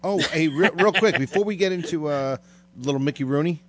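A man's voice: a little high, a little hiss or hum. A man co-hosting a casual podcast, rambling with lots of fillers and trailing off. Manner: rambling, filler-heavy, drawn-out. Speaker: podcast co-host.

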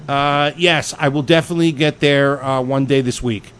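A man's voice: medium pitch, steady tone, normal speed, fairly bright tone, clean tone. Rambling, profane middle-aged male host. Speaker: radio show host. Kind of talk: casual chat.

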